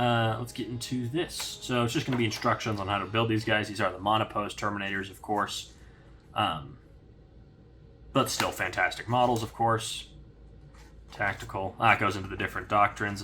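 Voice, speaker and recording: A young man giving a casual, rambling unboxing review of a hobby magazine, with plenty of fillers. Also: fairly low pitch. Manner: relaxed, rambling with many fillers.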